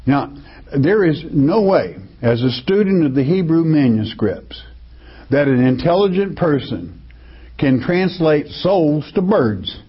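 A man's voice: on the high side, sing-song, slow, slightly rough. A man preaching a sermon, reading Bible verses aloud and commenting emphatically. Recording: dull lo-fi recording.

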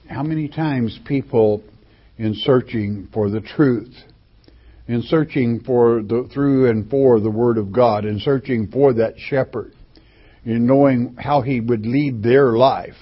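Slow, husky-voiced male preacher. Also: medium pitch. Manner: reads verses aloud, then explains them with frequent restarts and fillers. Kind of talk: sermon reading and explaining scripture. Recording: dull lo-fi recording.

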